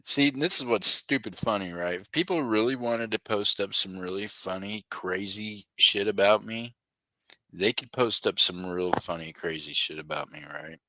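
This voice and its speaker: A man's voice: lowish voice, moderate pace, sharp tone, dry recording. A man hosting a casual live stream, chatting with viewers by name in rambling, joking, slangy banter and laughing often. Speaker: livestream host.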